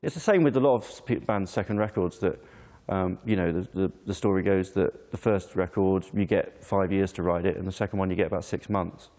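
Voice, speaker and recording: A man's voice: sits low, a little fast, mellow. A man giving easygoing, hesitant commentary in an interview. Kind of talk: reflective commentary. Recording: reverberant room.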